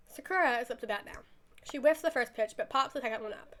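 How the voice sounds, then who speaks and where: High bright-voiced woman streamer. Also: fast talker. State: tired voice. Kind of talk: reading a visual novel aloud.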